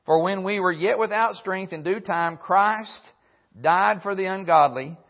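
Higher-voiced preacher man, lo-fi sound. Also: unhurried. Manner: reads scripture aloud in old-fashioned verse, repeats phrases. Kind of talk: sermon. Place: church broadcast on radio.

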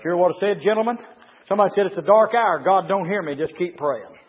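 A man preaching a fiery sermon, swinging from low murmurs to shouted climaxes and reading passages aloud to comment on them. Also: fast talker, husky. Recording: reverberant hall, muffled lo-fi sound.

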